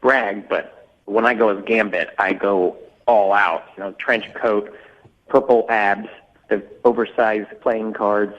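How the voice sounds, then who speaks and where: A man's voice: on the low side, steady tone, slow pace. A man calling into a radio show, talking hesitantly and earnestly with lots of fillers. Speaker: caller. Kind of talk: telling a dating story on air. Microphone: phone. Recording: dull phone line.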